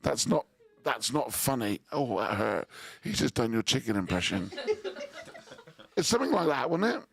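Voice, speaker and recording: A man's voice: mid-range voice, very animated, normal speed, vocal fry, a bit bright. A man in his forties, a sleep-deprived radio presenter, teasing and laughing through casual banter in a studio. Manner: jokey, teasing, laughs often. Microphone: studio microphone.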